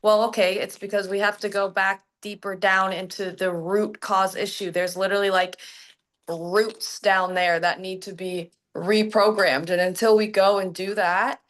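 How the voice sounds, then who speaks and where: A young adult woman, a hypnotherapist, talking about healing in a casual, animated, slangy way. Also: mid-range voice, normal speed. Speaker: guest hypnotherapist. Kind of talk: casual podcast chat.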